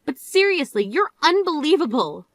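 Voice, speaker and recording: Actress as a grieving sister, high voice, exasperated and scolding, dry close sound. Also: female voice, big pitch swings, moderate pace, fairly bright tone, dry recording. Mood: reproachful. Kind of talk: dramatized story voice acting.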